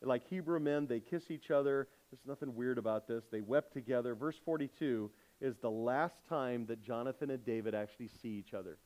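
A man's voice: mid-range voice, a little fast, hardly any pauses, a little mellow, poor audio. A male pastor delivering a sermon, emphatic and calling out questions to his congregation.

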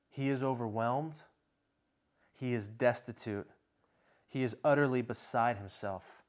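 A man preaching a sermon, swinging between soft, low passages and loud, ringing ones, with slow, dramatic pauses. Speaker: pastor.

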